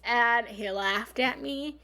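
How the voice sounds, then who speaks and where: Speaking slowly in a sharp, higher-pitched voice, a woman coaches viewers on spiritual love during a live stream from her home office and meditation room. She's earnest, encouraging and frank, repeats affirmations, and occasionally curses.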